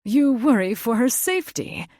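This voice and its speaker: A woman's voice: mid-range voice, animated, unhurried, a little mellow, no echo, studio quality. A woman voicing a pompous, mocking male fae nobleman, a father, speaking with haughty condescension in an audiobook.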